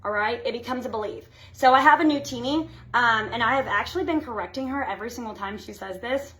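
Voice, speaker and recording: A woman's voice: fairly high pitch, fast, a bit bright. A woman gives a chatty motivational talk to her sales team, checking in with "okay?" after nearly every point. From United States. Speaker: team leader.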